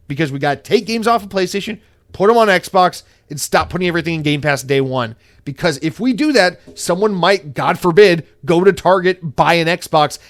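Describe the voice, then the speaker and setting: A man hosting a solo podcast, ranting in a profane, animated and opinionated way. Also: a little high. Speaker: podcast host.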